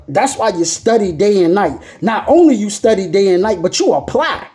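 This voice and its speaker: A woman's voice: mid-range voice, big pitch swings, normal speed, dark tone. A woman preaching an emphatic, repetitive motivational sermon with casual slang, rising to impassioned peaks.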